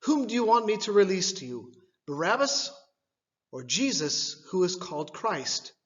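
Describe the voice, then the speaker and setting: A man reading the part of a stern, weary Roman governor in a church scripture reading, his delivery measured and questioning. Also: sits high, big pitch swings, big-room sound, muffled recording, voice pushed up. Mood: insistent.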